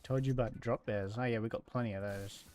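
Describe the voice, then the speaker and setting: A man's voice: fairly low pitch, steady tone, fast talker, a little mellow, slight background noise. A man with an Australian accent, chatting casually and rambling while he streams a game. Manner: rambling, chatty, easily amused; uses Aussie slang. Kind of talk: casual chat while gaming.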